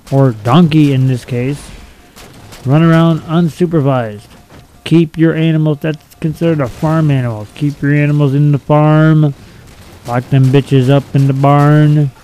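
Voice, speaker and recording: A man's voice: medium pitch, warm tone, poor audio. A young man reading out silly laws and mocking each one in a blunt, profane, sarcastic way. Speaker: video commentator.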